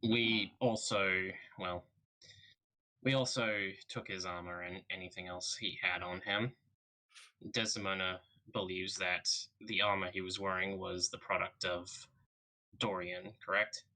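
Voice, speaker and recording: A man player in a tabletop game, speaking in a halting, questioning way. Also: deep voice, little pitch movement, bright, forceful tone, poor audio.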